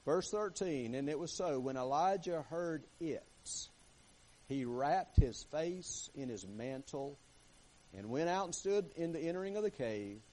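A man delivering a sermon in a somewhat high voice. He swings between hushed, quiet stretches and emphatic, rising passages as he reads scripture aloud and talks to the congregation. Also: lively intonation, unhurried, rough recording. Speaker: preacher.

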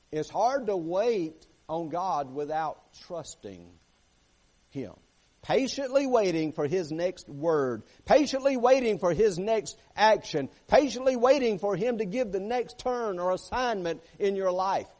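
Emphatic preacher man, slightly high voice. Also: darkish tone. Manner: emphatic, repeats phrases, asks "right?" and "amen?" of the congregation. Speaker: pastor. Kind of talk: sermon.

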